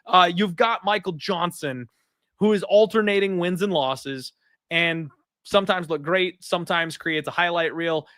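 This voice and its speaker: A man hosting a betting podcast, talking in a blunt, animated and opinionated way. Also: high-pitched, unhurried, no room sound, studio quality. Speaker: podcast host. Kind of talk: casual betting podcast chat.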